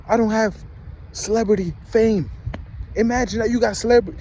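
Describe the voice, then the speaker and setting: A man in his twenties, vlogging at a rest stop, rants casually in a rambling, slangy, disbelieving manner. His voice sits high yet has a darkish tone, and there's a little hiss or hum.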